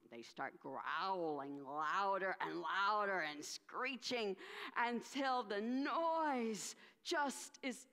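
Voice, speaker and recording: A woman minister telling a story during a church service, animated, with dramatic pauses and acted voices. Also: medium pitch, vocal fry. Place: church sanctuary. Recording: reverberant church sanctuary.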